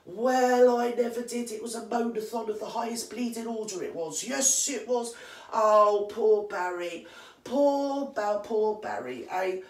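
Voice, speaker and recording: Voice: measured pace, natural voice. A performer playing an indignant old English granny with a British accent who gossips and swears in a rambling comedy monologue, recorded in a roomy space from a distant mic. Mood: ranting gossip. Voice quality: slangy, swears constantly and rambles. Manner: mock-outraged gossiping with big pitch swings.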